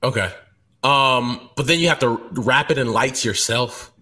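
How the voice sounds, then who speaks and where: An easygoing male podcast co-host who chats casually, stumbling and restarting his sentences. His voice comes across bright and forceful at a middling pitch. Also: a little slow. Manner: easygoing, hesitant restarts, says "man".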